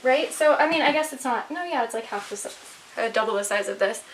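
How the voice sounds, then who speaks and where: A woman's voice: on the high side, expressive, a little fast. A young woman chatting casually about her new books and gifts, enthusiastic and full of fillers, a little out of breath, at home. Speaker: vlogger. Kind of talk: casual book haul chat. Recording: slightly distant mic, faint noise.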